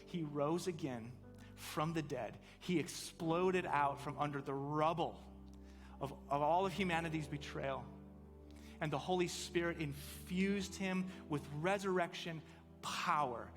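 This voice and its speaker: A man's voice: a little high, unhurried, soft background music. Earnest man preaching in a reverberant hall. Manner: earnest storytelling, builds to fervent emphasis. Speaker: pastor. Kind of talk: sermon.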